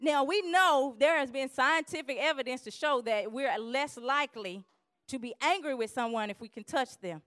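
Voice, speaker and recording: Lively woman teaching to a church group. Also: high voice, dry recording, clean studio sound. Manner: lively, acts out quarrels in quick voices. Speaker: speaker teaching on conflict.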